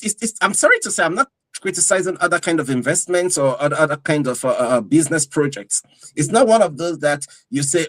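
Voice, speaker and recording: A man co-hosting a casual podcast chat, telling stories with lively energy and acting out what people said. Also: a little high, dry recording, rough recording. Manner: animated storyteller, acts out quotes. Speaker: co-host.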